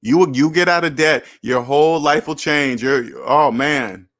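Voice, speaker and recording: A man of thirty or more runs a laid-back livestream, going through chat and replying in an unhurried, fairly high-pitched voice with a touch of brightness. His manner is blunt and preachy, with plenty of swearing.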